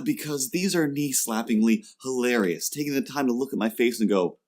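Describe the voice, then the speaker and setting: A man hosting a podcast, telling a comic story in a casual, animated way and acting out the people he quotes. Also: mid-range voice, a little fast. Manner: animated, acts out quoted customers in jumpy voices. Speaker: podcast host. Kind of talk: comedic storytelling chat.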